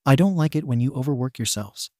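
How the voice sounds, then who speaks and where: A man's voice: mid-range voice, expressive, fast, warm tone, no room sound, clean studio sound, close to an everyday voice. A man voicing a cheerful, devoted teenage son in a storybook reading, earnest and eager.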